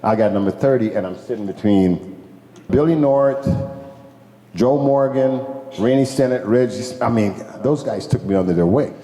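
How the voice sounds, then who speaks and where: A man's voice: medium pitch, normal speed. Older man telling stories, echoey hall. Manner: animated, acts out quoted people, laughs often, swears. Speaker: former pro ballplayer, guest speaker. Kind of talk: casual storytelling to a crowd. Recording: echoey hall with long reverb.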